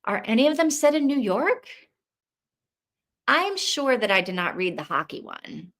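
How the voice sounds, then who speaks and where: A woman's voice: fairly high pitch, sing-song, normal speed, fairly bright tone. A woman hosting a live reading stream, chatting casually and thinking aloud, rambling with restarts. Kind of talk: casual livestream chat.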